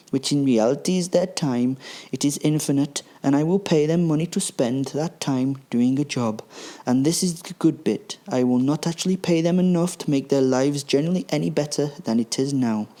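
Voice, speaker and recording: Smug, scheming boss, voice pitched high, explaining by a male podcaster doing a voice. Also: moderate pace, dark tone, natural voice. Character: smug scheming German tycoon man.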